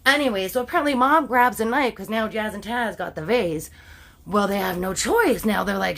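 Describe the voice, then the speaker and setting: A woman's voice: medium pitch, normal speed, vocal fry, a bit bright. A woman telling a crime story in a chatty, casual way. She swears often and then corrects herself. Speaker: storytime host.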